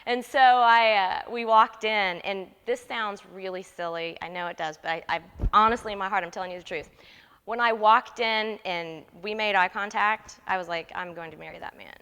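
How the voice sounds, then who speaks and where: Bright-voiced woman in her 30s telling a story, laughs a lot, reverby room. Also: medium pitch, normal speed, smooth. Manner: lively, laughing, acts out quotes. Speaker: interview guest. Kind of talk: animated storytelling.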